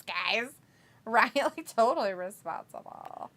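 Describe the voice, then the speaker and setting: A woman hosting a live watch-along stream, reading viewer chat messages aloud with quick laughs in casual talk. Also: on the high side, lively intonation, fairly bright tone.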